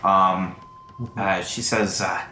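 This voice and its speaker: A man narrating as game master of a tabletop game, in a relaxed manner that breaks into laughter. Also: low voice, slow pace, echoey room, a little hiss or hum.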